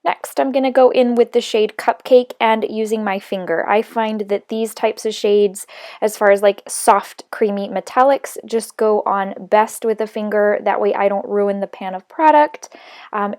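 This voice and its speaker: A middle-aged woman chatting casually through a makeup tutorial, laughing often and filling pauses with "um" and "like.". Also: medium pitch, darkish tone. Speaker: beauty vlogger.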